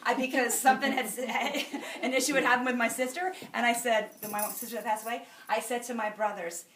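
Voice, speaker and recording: A woman's voice: fairly high pitch, a little fast. A woman giving a motivational talk to a meeting, telling stories and acting out the dialogue. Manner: animated storyteller, acting out dialogue. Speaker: sales director speaking at a meeting. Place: meeting room. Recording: echoey room, from a distance, faint noise.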